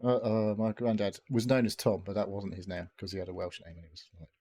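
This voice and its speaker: A man's voice: lowish voice, fast talker, dark tone. A man co-hosting a podcast, rambling through jokey, sweary casual chat. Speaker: podcast co-host.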